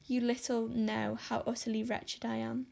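A woman reading an audiobook speaks as a dramatic young girl full of tragic feeling. She pleads and laments in overwrought phrases, in a fairly high voice with a flat melody. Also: normal speed, creaky. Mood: wretched. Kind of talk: audiobook character voice.

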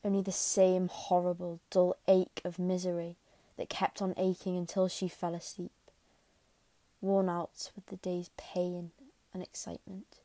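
A woman reading a classic novel aloud in a quiet, measured way, sometimes sinking to a whisper. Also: on the low side, monotone, no room sound. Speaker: audiobook narrator. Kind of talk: scripted narration.

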